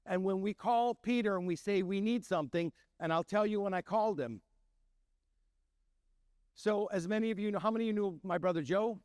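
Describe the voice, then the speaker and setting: A little fast and sitting high, this man's clean-toned voice comes through in studio quality with no room sound. He's a middle-aged chef and restaurateur from Milwaukee, Wisconsin, animatedly recounting stories for an audience and voicing the people involved.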